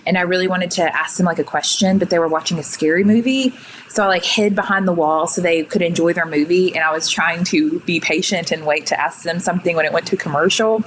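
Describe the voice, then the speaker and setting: Young woman, guest, casual storytelling, slightly low voice, quick chatty retelling. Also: a little hiss or hum, low-quality recording. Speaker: guest sharing her story.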